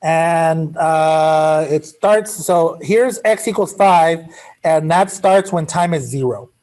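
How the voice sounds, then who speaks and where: High-voiced, joking male math teacher. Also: takes it slowly, darkish tone. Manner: casual, joking, chatty asides. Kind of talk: classroom lecture. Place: classroom.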